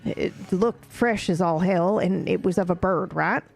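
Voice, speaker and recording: A woman's voice: fairly low pitch, measured pace, vocal fry, a little mellow, faint music behind. A woman recapping events in character during a roleplay session, rambling and swearing casually as she tells the story.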